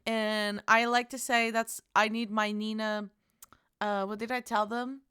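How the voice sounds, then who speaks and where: A young woman streamer chats casually with her viewers, giggly and bubbly, squealing greetings and cursing playfully. Her voice is a little high, a bit bright, clear and resonant, yet her delivery is flat and a little slow; the studio sound is clean with no echo.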